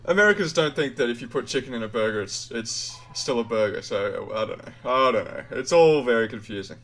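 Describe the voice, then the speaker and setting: A man's voice: medium pitch, expressive, fairly quick, a bit bright. A young Australian man chatting loosely while live-streaming a game, full of fillers and the odd swear. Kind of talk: casual live-stream chat.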